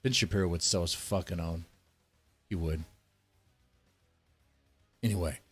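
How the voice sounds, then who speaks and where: A man's voice: low-pitched, measured pace, fairly bright tone, husky, soft background music. A man ranting in heated, profane political commentary, swearing often and reading articles aloud between outbursts.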